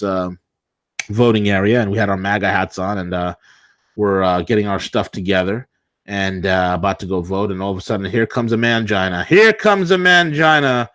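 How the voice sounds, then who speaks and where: A man's voice: fairly low pitch, no echo. Combative ranting talk-radio man. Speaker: co-host of political talk show. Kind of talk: opinionated political talk.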